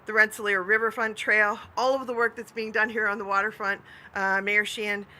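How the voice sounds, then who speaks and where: Bright, upbeat woman official speaking. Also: medium pitch, little pitch movement, fairly quick. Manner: upbeat, laughs between remarks. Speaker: transportation commissioner. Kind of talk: prepared remarks at a press event.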